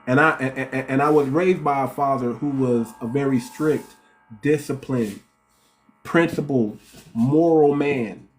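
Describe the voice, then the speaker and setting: A relationship coach hosting a casual livestream speaks in a mid-range voice at an unhurried pace, with soft music in the background. He's blunt and direct, often restarting sentences and repeating words.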